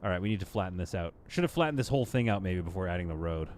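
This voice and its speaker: A man's voice: deep voice, lively intonation, racing, a little mellow, slight background noise. A man streaming live gameplay, chatting casually to his viewers and to the game as he builds. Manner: chatty, talks to the game and to chat, playful asides.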